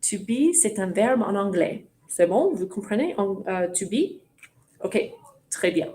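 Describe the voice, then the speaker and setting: Slow, patient woman teaching grammar. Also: medium pitch, animated, dark tone, a little hiss or hum. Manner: patient, playful mock surprise, asks questions. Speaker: French teacher. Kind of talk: classroom teaching demonstration.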